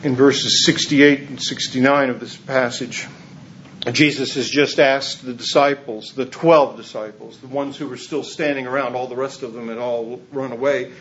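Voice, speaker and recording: A man's voice: mid-range voice, steady tone, moderate pace, fairly bright tone, lo-fi sound, slight background noise. A man preaching a sermon in a conversational, humorous way, chuckling as he goes. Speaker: pastor.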